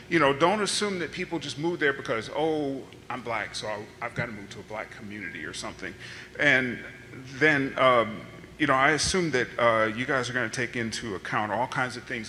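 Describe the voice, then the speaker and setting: A man's voice: medium pitch, sharp tone. A man giving earnest, conversational public testimony. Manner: earnest, conversational, many fillers. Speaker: public commenter. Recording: echoey hearing room with faint hiss.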